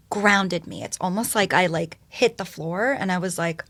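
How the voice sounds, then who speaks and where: A woman talking as a podcast guest, telling her story in an animated, expressive way and swearing casually. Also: fairly low pitch, moderate pace, hardly any pauses. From United States.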